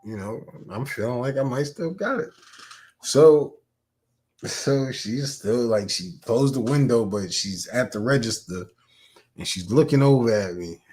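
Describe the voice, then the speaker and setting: A man co-hosting a casual podcast, telling a story in a laid-back, often quiet way. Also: mid-range voice, lively intonation, measured pace, breathy edge. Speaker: podcast co-host.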